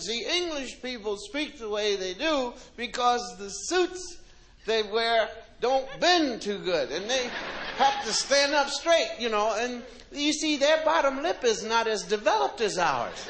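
An American man doing stand-up comedy in an animated, mocking, playful way. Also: extremely high pitch, normal speed, noisy background. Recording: live show with loud audience laughter. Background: audience laughing.

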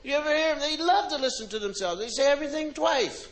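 An American man doing stand-up comedy in an animated, mocking, playful way. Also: very high voice, fast, slight background noise, poor audio. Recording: live show with loud audience laughter. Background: audience laughing.

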